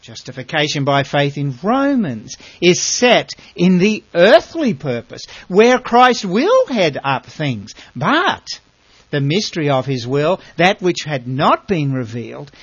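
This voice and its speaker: A man's voice: on the high side, sing-song, takes it slowly, breathy edge, no echo, dull audio. A man giving a Bible lesson as a sermon, earnest and emphatic, often asking his listeners rhetorical questions. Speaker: Bible teacher.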